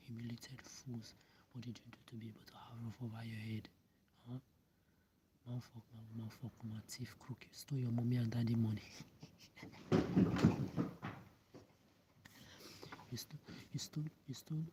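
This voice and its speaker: A man, ranting bitterly at the camera and often dropping into a hissed whisper. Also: mid-range voice. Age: 30s. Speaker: vlogger. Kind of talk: angry monologue to camera. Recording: steady background noise.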